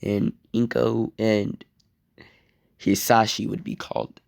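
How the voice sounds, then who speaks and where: A young man rambles through an improvised fan-fiction story, casual and profane. His voice sits lowish and has a gravelly edge. The sound is close and dry. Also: flat delivery, slow pace, a little mellow, dry recording.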